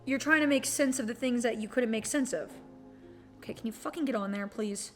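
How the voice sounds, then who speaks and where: A woman's voice: on the high side, a little fast, faint music behind. A young woman streamer chatting casually while playing a game, swearing freely and rambling through stories.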